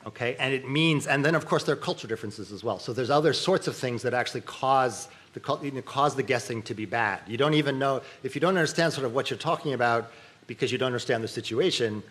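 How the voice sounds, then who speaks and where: A man's voice: medium pitch, quick pace, fairly bright tone. A middle-aged man giving a university symposium lecture, explaining ideas casually and checking in with the audience by saying "okay.". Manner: conversational lecturing with frequent "okay" and restarts. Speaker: academic dean giving a symposium talk. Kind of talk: lecture on linguistics.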